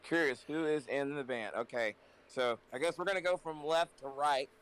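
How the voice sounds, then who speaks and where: A man's voice: on the high side, moderate pace, a bit bright, clean tone, low-quality recording. A man from a rock band, guesting on a podcast, joking and swearing casually. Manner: playful, profane, jokey. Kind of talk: casual chat.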